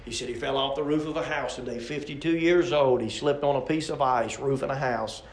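A man's voice: medium pitch, a little fast, hardly any pauses, reverberant, a little hiss or hum. A middle-aged man, preaching a sermon with a repetitive, emphatic cadence and personal stories.

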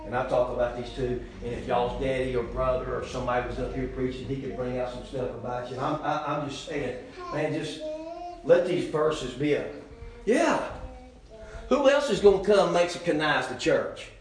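A middle-aged man preaching a folksy sermon in a church, swinging from loud exclamations to soft asides. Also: medium pitch, normal speed, crowd noise. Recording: echoey church room.

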